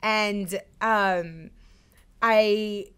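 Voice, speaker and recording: A woman in her twenties, an actress, telling a personal story in an interview with lively, emotional delivery. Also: medium pitch, very slow, clean tone. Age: 20s. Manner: animated, emotional, acts out quoted voices. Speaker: actress guest.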